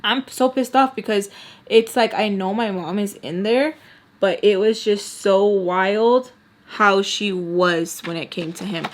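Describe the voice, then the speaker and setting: A young woman in her twenties vents through a personal storytime, heated and swearing freely. She rambles and circles back with filler words, her voice sitting at an ordinary middle pitch. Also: normal speed, fairly bright tone. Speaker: vlogger telling a story. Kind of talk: casual storytime.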